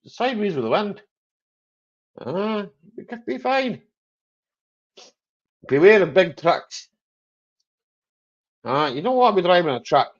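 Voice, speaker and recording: A man's voice: sits high, big pitch swings, takes it slowly, long pauses, highs cut off. A man hosting a casual live chat stream, jokey and rambling, chuckling often.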